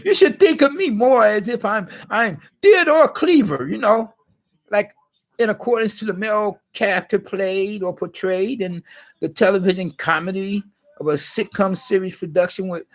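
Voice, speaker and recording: A man putting on a rambling, tearful, self-pitying young man in a satirical impression monologue on his vlog, stammering through repetitions and drawn-out pleading. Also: sits high. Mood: rambling defensive. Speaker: vlogger.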